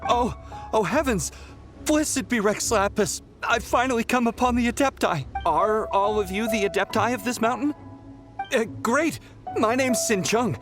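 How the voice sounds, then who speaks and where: Brief: pushy male pilgrim, theatrical, very lively pitch, game music behind. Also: moderate pace. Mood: eager. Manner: theatrical, demanding, indignant. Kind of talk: video game voice acting.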